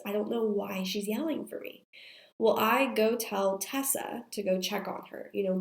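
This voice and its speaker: A woman's voice: mid-range voice, creaky. Woman host in her thirties, under the weather, confessional storyteller, recorded in an echoey room. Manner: chatty and confessional, many fillers. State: sick, strained voice. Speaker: podcast host. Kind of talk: candid storytelling monologue. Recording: roomy echo.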